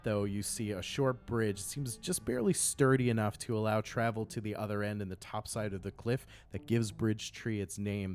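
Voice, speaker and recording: A man as game master, narrating a tabletop game with measured, descriptive scene-setting. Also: lowish voice, a little mellow.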